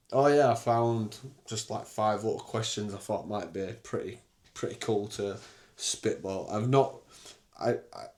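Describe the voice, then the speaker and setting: A man's voice: lowish voice, darkish tone. Give me a young man in a casual solo podcast monologue, candid and blunt. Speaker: podcast host.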